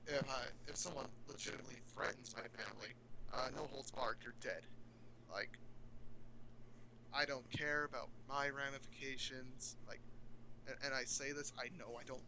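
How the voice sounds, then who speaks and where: A man's voice: medium pitch, steady tone, moderate pace. Male co-host, mid-range voice, blunt and profane casual talker, faint background noise. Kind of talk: casual chat.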